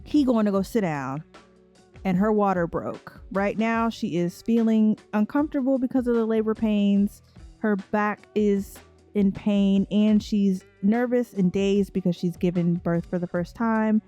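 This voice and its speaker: Tired, mellow-voiced woman chatting over gameplay. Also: medium pitch, measured pace, lo-fi sound, faint music behind. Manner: chatty, laughing asides, talks straight to viewers. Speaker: let's play host. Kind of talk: casual gameplay commentary.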